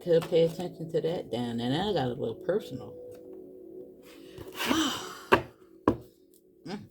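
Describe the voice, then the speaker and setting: This woman's voice is deep and measured as she does a casual tarot reading over background music. Animated and exclaiming, she talks directly to her viewers, calling them boo and y'all.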